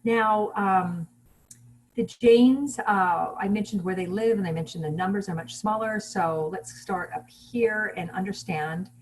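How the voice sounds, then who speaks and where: A woman giving a relaxed online lecture over a video call, explaining things plainly with fillers and restarts. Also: mid-range voice, unhurried, poor audio. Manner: casual teaching with fillers and restarts.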